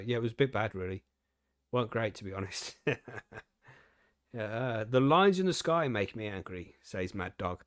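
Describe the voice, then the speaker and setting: Man, casual podcast host, laid-back, swears a lot, dry close sound, mid pitch. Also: a bit bright, dry recording. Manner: swearing, laid-back banter with frequent fillers. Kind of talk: casual chat.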